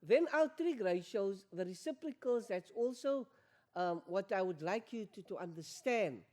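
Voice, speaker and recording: A woman's voice: medium pitch, animated, normal speed, warm tone. A woman teaching an exam revision maths lesson, repeating key points and quizzing learners with questions. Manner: addresses learners as guys.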